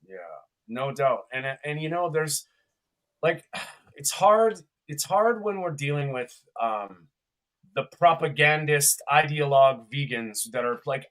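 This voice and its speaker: A man's voice: a little high, measured pace, a bit bright. Laid-back male podcast host. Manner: laid-back, chatty, laughs often. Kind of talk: casual podcast chat.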